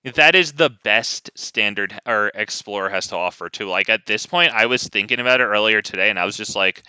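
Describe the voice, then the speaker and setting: A man's voice: on the low side, fairly quick, bright, forceful tone, clear, resonant tone, no echo. A young man giving casual, wry gameplay commentary with lots of ums, close to a desk mic.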